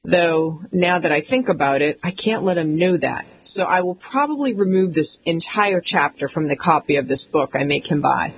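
A woman's voice: sits low, animated, moderate pace, few pauses, slight background noise, low-quality recording. A woman reading a comic memoir aloud in an emphatic, mock-indignant way. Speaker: audiobook narrator. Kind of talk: scripted comic memoir narration.

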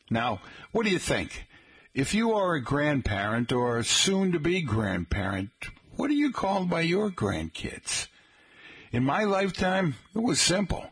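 A middle-aged man hosting a local radio show, chatting in a folksy way and slowly spelling out details for listeners. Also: mid-range voice, fairly bright tone, slightly rough. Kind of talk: casual radio talk. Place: radio studio.

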